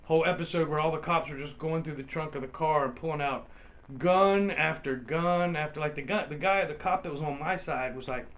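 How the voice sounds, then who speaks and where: A man with a slightly high, somewhat bright voice tells a true story as a casual comic anecdote, speaking fairly quickly. He swears freely, laughs between lines, and does voices for the people in the story.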